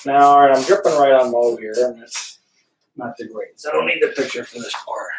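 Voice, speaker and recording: A man's voice: mid-range voice, brisk, vocal fry, distant mic, slight background noise. A man chatting casually during a live painting stream, thinking aloud as he works. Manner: rambling, thinking aloud, greets viewers. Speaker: painter livestreaming. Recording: roomy, from off the mic.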